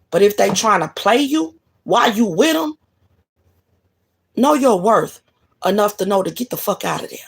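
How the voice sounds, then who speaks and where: A woman's voice: fairly high pitch, gravelly, breathy edge. A woman delivering a blunt, profane monologue of relationship advice in a casual, preachy way. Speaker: spiritual reader.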